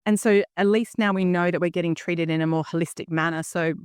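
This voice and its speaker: A woman's voice: fairly low pitch, steady tone, a little fast, a little mellow, clear, resonant tone, no echo, studio quality. A woman, hosting her own podcast and talking earnestly and candidly, with frequent ums and "okay?" check-ins. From Australia. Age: 50s. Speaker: podcast host. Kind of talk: personal solo podcast talk.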